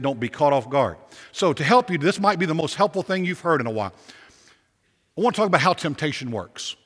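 A man's voice: a little high, a bit bright. A male pastor preaching a sermon with emphatic repetition and rhetorical questions. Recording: long reverb of a big hall.

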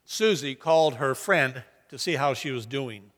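Preacher guy giving a sermon, earnest storyteller, bright tense voice, echoing church hall. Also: medium pitch, expressive, a little slow. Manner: earnest storytelling preacher, building emphatic repetition. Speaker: pastor.

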